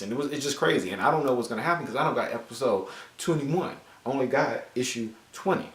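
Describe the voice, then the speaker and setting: A man casually reviewing a comic book, animated and joking with frequent swearing. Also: medium pitch, quick pace, distant mic. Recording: roomy echo, voice off-mic.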